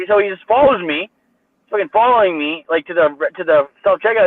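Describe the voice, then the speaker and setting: A man's voice: high-pitched, moderate pace. Profane rambling man on a tinny line. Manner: profane, rambling, filler-heavy. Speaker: co-host. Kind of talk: casual chat, storytelling. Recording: tinny phone-like line, dry.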